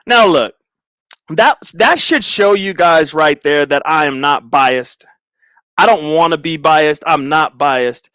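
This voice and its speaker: Young male streamer, lively swooping voice, dry close sound, casual storyteller. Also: on the high side, no room sound. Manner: animated, repeats words, bursts of loud laughter.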